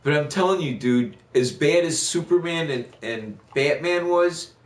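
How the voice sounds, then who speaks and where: A man with a fairly high voice chats casually on a gaming livestream at a measured pace, the sound reverberant. He rambles through a profane rant full of restarts and fillers.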